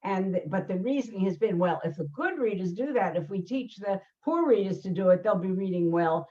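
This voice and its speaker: An older woman explains reading instruction in an emphatic, searching way, often stopping to restart her sentences with fillers in between. Her voice sits at an ordinary middle pitch. The recording sounds dull and somewhat lo-fi. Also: animated, a little fast, dark tone. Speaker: learning specialist host. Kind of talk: explanatory conversation.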